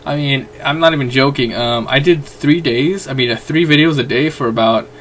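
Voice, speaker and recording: A man's voice: mid-range voice, fairly quick, a bit bright, a little hiss or hum. A young man talking casually in a home vlog, rambling with lots of fillers. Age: young adult. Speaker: vlogger.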